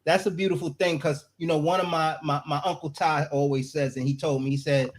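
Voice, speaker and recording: A man's voice: on the high side, steady tone, a little fast. A man hosting a casual group conversation, laid-back, calling on each guest by nickname. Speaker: podcast host.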